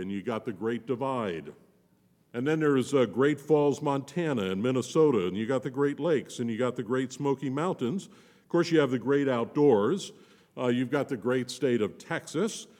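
A man's voice: mid-range voice, darkish tone. Folksy joking preacher man in a church. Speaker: visiting preacher. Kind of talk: sermon. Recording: long church reverb.

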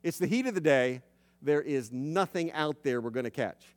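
A preacher speaking as a plainspoken fisherman in a lowered, hushed voice. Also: expressive, moderate pace, natural voice. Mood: wry. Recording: long reverb of a large hall.

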